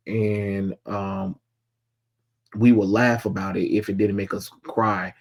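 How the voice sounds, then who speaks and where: A man's voice: lowish voice, little pitch movement, normal speed, a little mellow. A man casually recapping a comic book issue, rambling with lots of ums and blunt, sarcastic asides. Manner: rambling, many filler ums.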